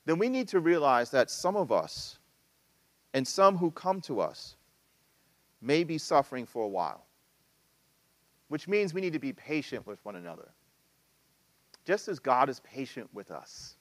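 Animated conversational preacher, man. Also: mid-range voice, unhurried, pauses often, no room sound. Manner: conversational preaching, animated with asides and acted-out quotes. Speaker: pastor. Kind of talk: sermon.

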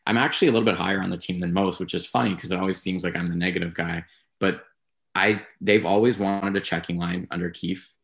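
A man with a very deep, gravelly voice talks casually on a podcast. He hedges and rambles through his points in a flat, even tone. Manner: rambling, measured, hedging. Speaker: podcast co-host. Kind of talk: casual sports talk.

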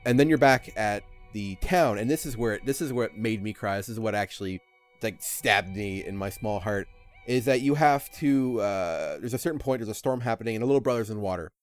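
A man's voice: fairly low pitch, brisk, faint music behind. A man co-hosting a podcast about a video game, talking emotionally and swearing as he retells scenes. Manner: emotional, swears, restarts often. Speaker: podcast co-host. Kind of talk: casual game discussion.

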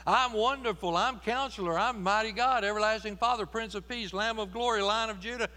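A man voicing Jesus as a commanding white-robed man, booming out a rapid litany of his own titles. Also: sharp tone. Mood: proclaiming. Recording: echoey hall with mains hum.

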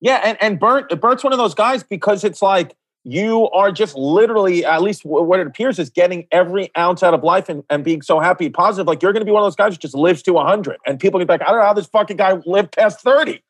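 A man's voice: sits high, fast talker, few pauses, low-quality recording. A man guest on a podcast, chatting enthusiastically and casually swearing. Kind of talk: casual chat.

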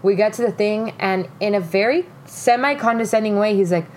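A woman's voice: mid-range voice, brisk, a little hiss or hum. A young woman hosting a podcast, telling a dating story in casual chat, candid and profane, quoting people as she goes. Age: young adult. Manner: candid, profane, animated retelling with quoted voices. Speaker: podcast host.

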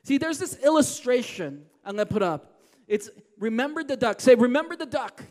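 A man preaching a sermon as pastor, swinging from loud emphatic lines to hushed, quiet ones. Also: extremely high pitch, sing-song, normal speed. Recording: long hall reverb.

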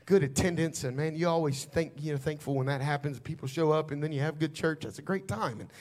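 A pastor with a strikingly high male voice tells a homespun church story as a sermon, drawling conversationally at a fast clip. He shifts from low, relaxed storytelling to fervent, shouted declarations.

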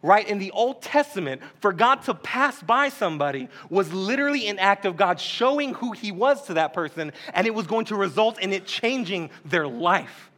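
Bright, high-voiced casual male pastor. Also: expressive, normal speed, hardly any pauses. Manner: casual, joking preacher talk with slang. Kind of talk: sermon.

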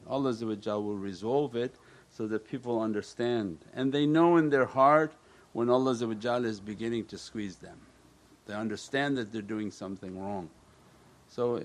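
Man, religious teacher, calm measured sermon voice, answering questions. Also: mid-range voice. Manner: calm, repetitive, with Arabic prayer phrases.

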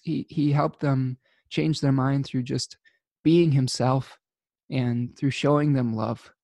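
A man hosting an astrology talk, speaking earnestly and haltingly with many fillers and restarts. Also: mid-range voice, mellow, no echo. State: choked up with emotion. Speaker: astrology host. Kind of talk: casual spoken monologue.

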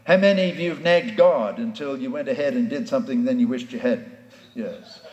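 A man's voice: medium pitch, brisk, darkish tone, muffled recording. A man preaching a sermon as pastor, in a folksy storytelling manner that acts out the characters. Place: church sanctuary. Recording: echoey hall.

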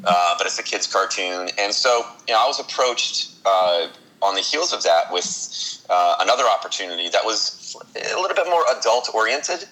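A man, a voice actor, chatting casually as a guest on an interview show, relaxed with many fillers. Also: fairly low pitch, moderate pace, rough recording. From Northeast US.

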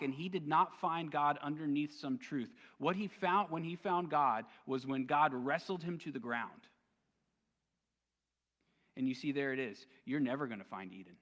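A man's voice: on the high side, fairly bright tone, big-room sound. A man preaching a sermon as pastor, conversational and casual, with plenty of slang. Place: church sanctuary.

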